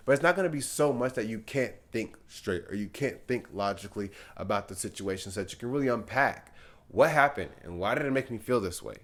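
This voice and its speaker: A young man vlogging while getting ready, talking earnestly and encouragingly, often saying "literally" and "like". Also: medium pitch. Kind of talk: casual advice talk while getting ready.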